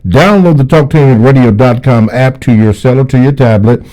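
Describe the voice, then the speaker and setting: A man's voice: medium pitch, normal speed, mellow, low-quality recording. A man hosting a talk radio show, giving short affirmations and reading station promos. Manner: brief affirmations, promo reads. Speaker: radio host.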